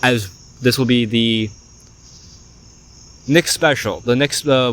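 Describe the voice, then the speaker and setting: A young man, hosting a casual sports podcast, chatty and animated, often saying "y'all". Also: medium pitch, slow pace, pauses often. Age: young adult. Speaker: podcast host.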